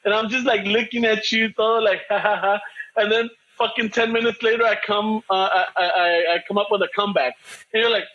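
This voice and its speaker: A man with a Chicano English accent, joking around with a friend on a podcast. His voice sits high, and the recording sounds slightly muffled and lo-fi. He code-switches between English and Spanish and curses freely. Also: steady tone, a little fast, sharp tone. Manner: loose, laughing, code-switching banter with cursing. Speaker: podcast co-host. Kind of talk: casual chat.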